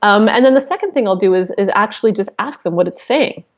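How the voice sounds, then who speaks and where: A woman's voice: medium pitch, expressive, fast, muffled recording. A woman coach speaking as an interview guest, explaining her methods candidly and swearing casually.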